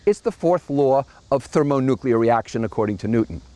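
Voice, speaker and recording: A man's voice: medium pitch, lively intonation, a little fast, dark tone. A middle-aged man hosting a monthly opinion commentary, delivering a sardonic, mocking monologue. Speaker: host.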